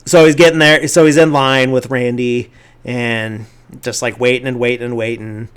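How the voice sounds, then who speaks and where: A man at an everyday middle pitch talks through a film's story in loose, rambling podcast chat. He leans heavily on fillers and restarts, and now and then slips into quick impressions of the characters' lines. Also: little pitch movement, clear, resonant tone. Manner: rambling, filler-heavy retelling with lots of "like"; briefly acts out characters' lines in the retelling. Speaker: podcast host. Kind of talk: casual movie recap.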